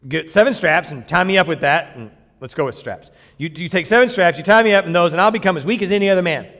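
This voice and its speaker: A sheepish strongman gives in with folksy hemming, as a male preacher acts him out. His voice sits a little high and swings around, ringing in a reverberant hall. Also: animated, fast talker, fairly bright tone.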